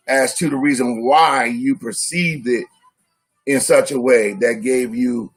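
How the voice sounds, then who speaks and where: A man's voice: medium pitch, breathy edge. A man co-hosting a live-stream discussion, teaching by asking his listeners rhetorical questions.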